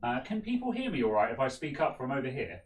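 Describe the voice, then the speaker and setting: A man's voice: medium pitch, big pitch swings, quick pace, muffled recording. A man hosting a live stream, talking casually while he repairs electronics and muttering short asides as he works. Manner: absorbed, mumbling asides while soldering. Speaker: host doing repairs on stream. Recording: noisy, echoey workshop room.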